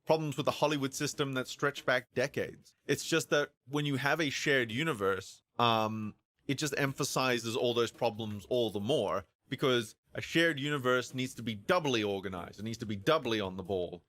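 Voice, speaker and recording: Bright, stammering male streamer. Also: mid-range voice, normal speed. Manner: stammering, animated, acts out both sides of imagined dialogue. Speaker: streamer discussing films. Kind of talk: casual rant on a livestream.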